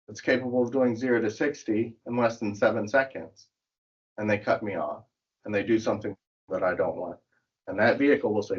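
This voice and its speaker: A man's voice: fairly low pitch, lo-fi sound. A man teaching a church class in a casual, conversational way, telling jokes and stories. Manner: conversational, tells jokes with acted voices.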